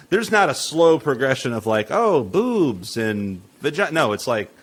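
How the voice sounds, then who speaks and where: Lively, laughing podcast host man. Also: mid-range voice, slow. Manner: rambling, crude, laughs often. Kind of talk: casual chat.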